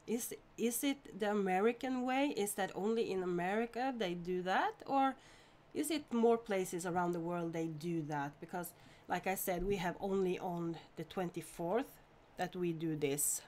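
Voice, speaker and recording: Slow-talking woman streamer. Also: lowish voice, darkish tone, a little hiss or hum. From Norway. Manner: chatty, greets viewers by name, laughs often. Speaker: live-stream host. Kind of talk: casual live-stream chat.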